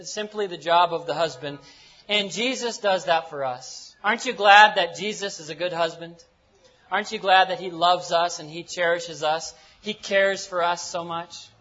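A man's voice: sits high, bright, forceful tone, dull audio. A man from the United States preaching a sermon in a folksy, joking way, with simple words and repeated phrases. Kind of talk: sermon with jokes and Bible reading.

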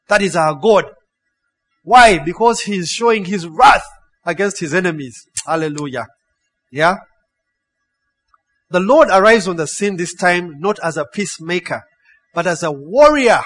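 A male pastor preaching an animated sermon. He keeps asking his listeners "huh?" and "yeah?" and tells stories with laughter. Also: high-pitched, unhurried. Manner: storytelling with laughs and playful acted quotes. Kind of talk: sermon with a personal story.

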